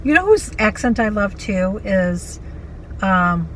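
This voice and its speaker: A woman's voice: mid-range voice, very animated, slight background noise, rough recording. A woman guesting on a casual car vlog, easygoing and agreeable as she chats with a friend. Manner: easygoing and agreeable, with quick yeses. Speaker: guest vlogger. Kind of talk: casual chat. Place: inside a parked car.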